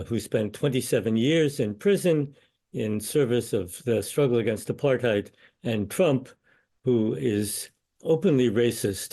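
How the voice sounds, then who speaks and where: An older man, a law professor, answering interview questions in a measured, storytelling way. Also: medium pitch, warm tone.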